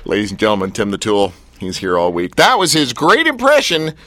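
A man's voice: lowish voice, a little fast. A man hosting a radio show, teasing and joking with his guests. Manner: teasing, playful, lively. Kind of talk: jokey radio chat.

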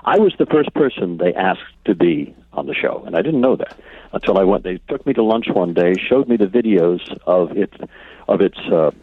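A middle-aged man spins an anecdote with animated, mock-grand flair. His lowish voice swings widely in pitch and has a husky edge. It comes through a dry, tinny phone line. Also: normal speed, no echo. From Connecticut, United States. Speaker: actor and guest. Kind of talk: casual anecdote telling.

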